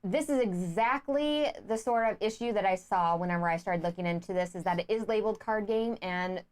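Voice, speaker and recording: A woman's voice: medium pitch, fairly quick. A woman co-hosting a board game review show, talking with enthusiastic emphasis. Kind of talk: casual chat.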